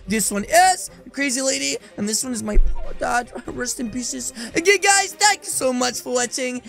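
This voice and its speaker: Host, female, dramatic gameplay role-play commentary, high voice, music under. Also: normal speed, gravelly. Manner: dramatic, excitable, talks to viewers.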